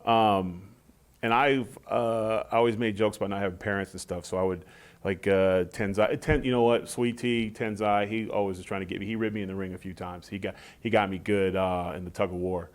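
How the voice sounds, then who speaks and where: A low-pitched middle-aged man talks casually as a guest in a shoot interview. He tells his stories with energy, jumping into high voices to play out what other people said. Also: a little fast. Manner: animated storytelling, acts out quotes in high voices. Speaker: interview guest, former wrestler.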